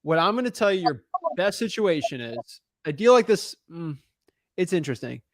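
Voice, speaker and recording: A young man with a fairly high voice coaches callers on real estate deals in a live call-in. He talks directly and encouragingly, often checking in with a quick "right?". The sound is dry and close. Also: sing-song, dry recording.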